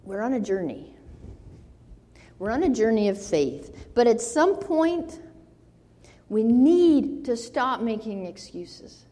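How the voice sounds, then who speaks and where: A woman preaching a sermon slowly and earnestly, her voice rising into pleading when she quotes scripture. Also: on the high side, very animated, mellow. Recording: long hall reverb.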